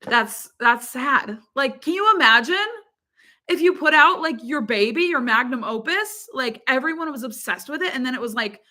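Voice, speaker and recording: A woman chats casually with her viewers in a bright, forward voice. Her pitch sits a little high. She sounds bubbly and giggly and fills her talk with "like" and "um". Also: animated, normal speed. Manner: bubbly and giggly, many fillers like "like" and "um". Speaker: YouTuber reading viewer comments. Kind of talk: casual chat.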